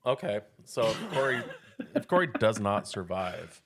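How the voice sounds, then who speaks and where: A man's voice: fairly low pitch, sing-song, moderate pace, a bit bright. A man co-hosting a casual coffee podcast, laid-back and mumbling asides. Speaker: podcast co-host. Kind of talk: casual chat, coffee tasting.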